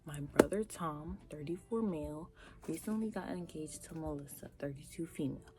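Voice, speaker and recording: A young woman giving animated, chatty reaction commentary straight to her viewers, sometimes dropping into breathy half-whispered asides. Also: low voice, normal speed. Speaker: reaction vlogger.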